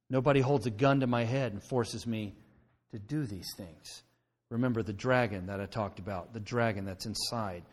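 Long reverb from the church hall surrounds this male pastor as he preaches in a conversational style. He speaks at a middle pitch and keeps pausing to check in with the congregation, often with an "okay?"

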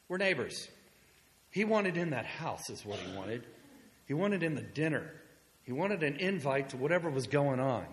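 A male pastor preaching a sermon in a conversational storytelling manner, moving between hushed asides and loud, excited passages. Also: a little high, normal speed, in a large hall, a little hiss or hum.

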